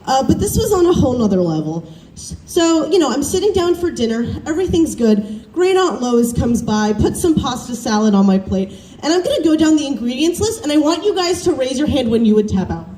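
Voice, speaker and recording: A young woman from the South works a student stand-up crowd, high-voiced and animated as she pokes fun at her family. The recording is roomy and distant, with the stage sound carrying and a faint murmur of the room beneath. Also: fairly quick, slight background noise. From American South. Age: young adult. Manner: self-deprecating, chatty, animated storytelling. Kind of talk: stand-up comedy set. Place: campus showcase stage.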